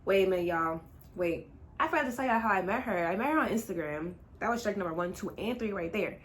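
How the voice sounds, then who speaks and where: Animated young woman telling a story. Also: mid-range voice, slight background noise. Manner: animated, chatty, talks straight to viewers; dramatic retelling, swings between fast and drawn-out. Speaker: vlogger. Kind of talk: casual storytime.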